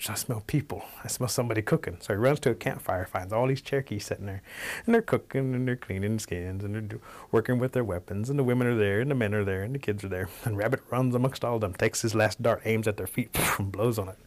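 A man telling a traditional folk tale, animated, shifting pace and pitch for effect. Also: fast talker. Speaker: storyteller. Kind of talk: oral folk storytelling.

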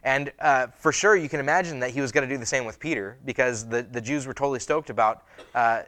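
A man preaching a sermon, reading scripture aloud and then retelling it in lively, casual words with many fillers. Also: medium pitch, fast talker, no room sound. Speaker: pastor.

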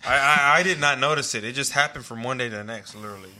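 A man in his thirties chatting casually with his younger brother, a relaxed storyteller who laughs through his anecdotes. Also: medium pitch, quick pace. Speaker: interview guest, older brother. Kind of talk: casual family conversation.

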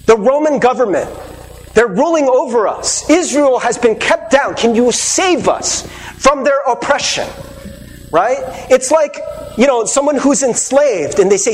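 High-voiced, lively preaching pastor. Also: male voice, normal speed, in a large hall. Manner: earnest, conversational preaching with rhetorical questions and asides. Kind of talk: sermon.

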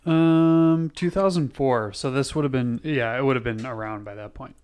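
A man's voice: mid-range voice, normal speed, a little mellow, clear, resonant tone. A young man co-hosting a casual podcast, rambling with lots of "like" and restarts. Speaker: podcast co-host. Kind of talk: casual chat.

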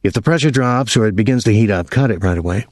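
A man reading an audiobook, voicing a calm, reassuring middle-aged boat owner. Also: on the low side, fast, no room sound, studio quality, close to an everyday voice.

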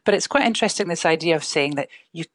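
A woman's voice: low-pitched, animated, quick pace, no room sound, studio quality. A woman from Scotland with a mild Glaswegian accent, speaking as a professor in a radio interview, hesitant with many restarts. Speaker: linguistics professor guest.

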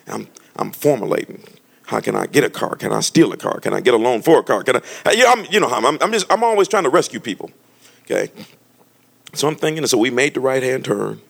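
A man preaching a storytelling sermon to a congregation, animated and conversational, often restarting his sentences. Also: mid-range voice, fairly quick, vocal fry. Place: church with a live congregation.

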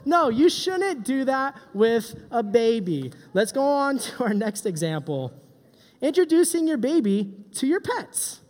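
A middle-aged man giving a joking, animated youth sermon as a pastor. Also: very high voice, measured pace. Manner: joking, animated, does silly voices. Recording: long hall reverb.

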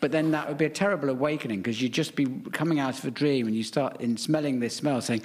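A man's voice: medium pitch, quick pace. A man on a comedy quiz panel, telling whimsical, theatrical comic stories. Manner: whimsical, theatrical flights of fancy. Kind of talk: comic storytelling banter.

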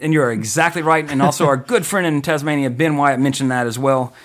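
A man co-hosting a casual podcast, reading listener emails aloud, tripping over words and joking about himself. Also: on the high side. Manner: fast-talking, trips over words, self-deprecating.

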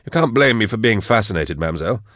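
A chatty, curious male scholar with dry wit who talks to stall for time. His low voice is a touch lighter than the narration, and the sound is close and dry. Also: expressive, rapid-fire, fairly bright tone, no room sound. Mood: wry.

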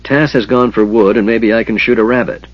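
A man's voice: lowish voice, steady tone, brisk, no echo, lo-fi sound, natural voice. A man voicing a big, good-natured male warrior who talks in an easygoing, coaxing way.

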